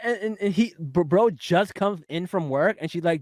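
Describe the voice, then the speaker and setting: A man co-hosting a casual TV recap podcast, animated and often laughing through his sentences. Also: high voice, moderate pace, dry recording. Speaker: podcast co-host. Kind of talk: casual pop-culture recap chat.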